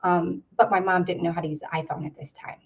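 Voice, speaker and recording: A woman's voice: fairly low pitch, steady tone, fast. A woman speaking at a seminar, telling a personal story in an earnest way and repeating words for emphasis. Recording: distant, dull lo-fi sound.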